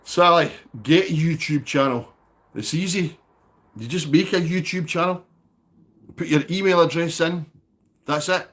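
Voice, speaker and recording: A man's voice: a little high, unhurried, pauses often, a bit bright. A man hosting a live stream, chatting casually and bantering with viewers by name. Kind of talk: casual livestream chat reading viewer comments.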